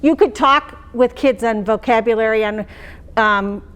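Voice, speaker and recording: A woman with a fairly high voice walks fellow teachers through how she teaches phonics. She talks in a loose, conversational way and checks in often with her listeners. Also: measured pace, fairly bright tone, smooth. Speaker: teacher trainer. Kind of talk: explaining classroom phonics practice.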